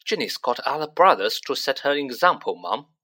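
In a storybook reading, a man voices a pompous, self-important teenage head boy who speaks loftily. The exaggerated voice sits high, above the performer's own, with big pitch swings, a bright, forceful tone and a moderate pace.

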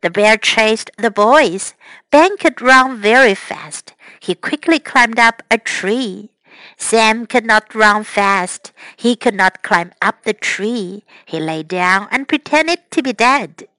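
A woman English teacher reading a story for children slowly and clearly, repeating phrases for learners, close to the mic. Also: fairly high pitch, animated, pushed and bright, no room sound, low-quality recording. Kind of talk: bilingual storybook lesson for children.

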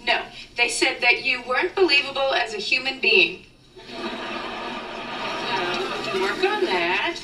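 A woman's voice: on the high side, animated, takes it slowly, pauses often. A woman playing a quirky, blunt young woman who works as an agent in a sitcom clip, talking in a hesitant, apologetic way. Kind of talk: sitcom acting. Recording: roomy distant sitcom soundtrack with loud background noise.

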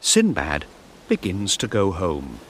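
A man narrating a storybook slowly and clearly, paced for learners. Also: deep voice, huge pitch swings, fairly bright tone, a little hiss or hum. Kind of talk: storybook reading.

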